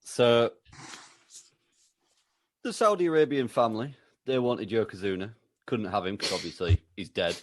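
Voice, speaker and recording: A man's voice: fairly low pitch, normal speed, long pauses, slight background noise. A man co-hosting a podcast, telling a chatty comic story full of tag questions. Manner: chatty, asking rhetorical tags. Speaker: podcast co-host. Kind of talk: casual comedic storytelling.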